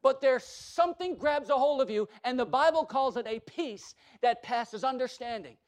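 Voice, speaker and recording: Preaching with emphatic appeals to his congregation, a high-voiced male pastor stammers and repeats himself as his sermon builds. He then drops into gentle, hushed reassurance, his delivery expressive and moderately paced.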